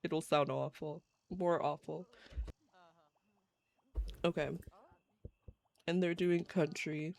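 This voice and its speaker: A woman's voice: deep voice, steady tone, slow pace, gravelly, pauses often, darkish tone. A woman streamer giving casual, giggly commentary on a life-simulation game while she plays live. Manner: chatty, giggly, reacts to gameplay. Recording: faint game music behind.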